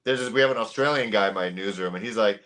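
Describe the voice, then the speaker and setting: Man from canada, thirties, podcast guest, lively storyteller, acts out the voices he quotes. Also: lowish voice, fast. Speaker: podcast guest, sports YouTuber. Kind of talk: casual chat.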